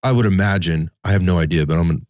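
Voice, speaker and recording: A man with a very low voice hosts a relaxed podcast conversation. He rambles and circles back on his thoughts, laughing easily, and the sound is close and dry. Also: very fast, dry recording. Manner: rambling, thinks aloud with restarts. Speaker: podcast host. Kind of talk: casual interview chat.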